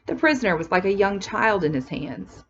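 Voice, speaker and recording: A woman's voice: medium pitch, sing-song, moderate pace, lo-fi sound. A woman English teacher reading a classic novel aloud to her class, stopping now and then to explain it in plain words. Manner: reads steadily, then explains in casual slangy asides.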